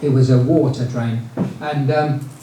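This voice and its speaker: An older man, a retired business founder, tells casual anecdotal stories in a mellow, mid-range voice with a steady tone, a little slowly. He rambles with frequent fillers and restarts, and the recording is very echoey, with a distant mic and faint noise.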